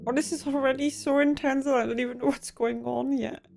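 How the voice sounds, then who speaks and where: A woman's voice: high-pitched, fairly even intonation, brisk, creaky, darkish tone. A young woman giving a first-time movie reaction, emotional and given to gasps and exclamations.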